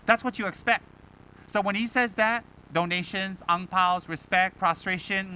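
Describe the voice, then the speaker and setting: A man with a high, bright, ringing voice gives a Buddhist dharma talk. He swings between animated mimicry of his students and quiet, low asides. A faint vehicle rumble sits behind him. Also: moderate pace, poor audio. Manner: drops to a low, soft voice for key points. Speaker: Buddhist teacher.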